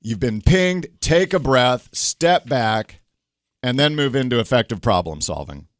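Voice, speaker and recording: A middle-aged man hosting a talk, coaching through conflict with animated stories and acted quotes. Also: medium pitch, a little slow, no echo, clean studio sound. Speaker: host and coach. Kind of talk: casual talk show conversation.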